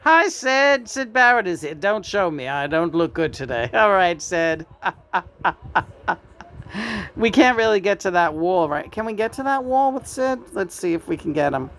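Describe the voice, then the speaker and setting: A woman's voice: lowish voice, big pitch swings, unhurried, fairly bright tone, a little hiss or hum. A woman hosting her own channeling video, giggling as she greets one spirit after another in a casual chat.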